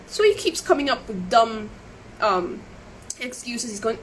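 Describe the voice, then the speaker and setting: Sitting high in pitch, her sing-song voice moves fairly quickly. An upset, emotional woman recounting events on a live stream via webcam or phone, she rambles and keeps restarting her sentences. The recording is low quality, with a little hiss or hum.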